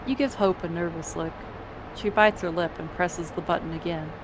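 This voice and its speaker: Give me a woman with a low voice, reading measured, scripted narration. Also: steady tone, noisy background. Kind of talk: scripted second-person narration.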